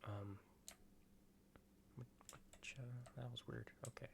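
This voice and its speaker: A man hosting an ASMR gaming video, rambling in soft-spoken commentary that drifts between a quiet voice and whispers. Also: mid-range voice, little pitch movement, slow pace, vocal fry, heavy background noise.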